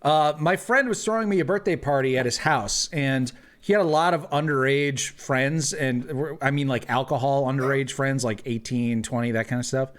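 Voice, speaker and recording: A young man telling a funny story to friends in casual chat, animated, laughing as he goes. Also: medium pitch, moderate pace. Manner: animated anecdote with laughing asides and acted quotes. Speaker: tabletop game player.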